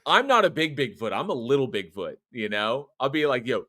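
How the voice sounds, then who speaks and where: A man's voice: mid-range voice, sing-song, brisk, sharp tone, dry recording, studio quality. A man hosting a horror podcast in casual live chat, rambling and chuckling as he reads viewer comments. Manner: rambling, chatty, many restarts and chuckles. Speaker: podcast host.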